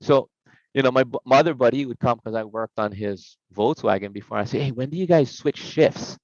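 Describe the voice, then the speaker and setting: A man's voice: medium pitch, fairly quick, no echo. Middle-aged man, casual podcast storyteller who acts out the voices he quotes; slightly dull, dry recording. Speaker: podcast guest.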